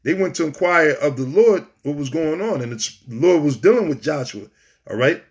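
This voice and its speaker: A man delivers a raw street sermon. His voice sits a bit high for a man, and he talks bluntly and profanely, full of defiance between scripture quotes. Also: animated, brisk. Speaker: street preacher.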